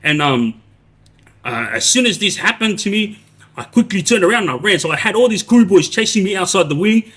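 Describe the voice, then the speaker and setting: Husky man telling a story. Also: high-pitched, lively intonation, brisk, a bit bright. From Australia. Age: 40s. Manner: rambling, many restarts and tag questions like "yeah?". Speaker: livestreamer telling prison stories. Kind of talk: casual storytelling on a live stream.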